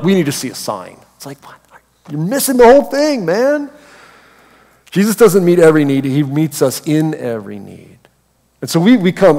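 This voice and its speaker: A man preaching a sermon as a pastor, animated and acting out little voices for the people in the story. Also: on the high side. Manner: animated, acts out voices of Bible figures. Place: church hall. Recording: long hall reverb.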